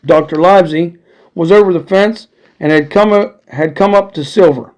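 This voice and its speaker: A man's voice: a little high, normal speed, a little mellow. A man reading an adventure storybook aloud in a casual, friendly way. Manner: casual, friendly asides to listeners.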